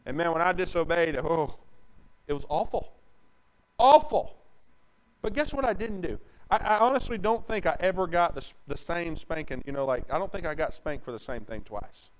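A man preaching a sermon, emphatic and preachy, swinging from loud declarations to hushed asides and drawing out scripture slowly. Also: fairly high pitch, poor audio. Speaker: pastor.

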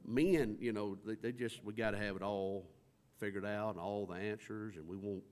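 A man's voice: on the low side, measured pace, darkish tone. A middle-aged man preaching a conversational sermon in a folksy, storytelling way, acting out quoted lines from scripture.

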